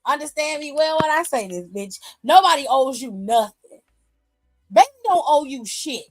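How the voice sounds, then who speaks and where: A woman's voice: sits high, animated, moderate pace, no room sound, soft background music, poor audio. A woman hosting a wrestling aftershow, ranting bluntly and with lots of profanity in casual commentary. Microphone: streaming microphone.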